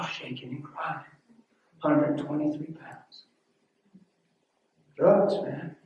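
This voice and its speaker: A man preaching a sermon, telling a personal story in a hushed voice and rising into loud, emphatic preaching. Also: on the high side, slight background noise. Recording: echoey room, voice from far off.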